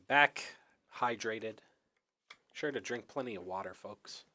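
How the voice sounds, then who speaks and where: A hoarse young man calls a card game match on his own, in a slightly low voice. He talks in a loose, chatty way, full of small fillers as he reads the board. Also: slow pace, pauses often, sharp tone. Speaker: esports caster. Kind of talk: solo play-by-play commentary.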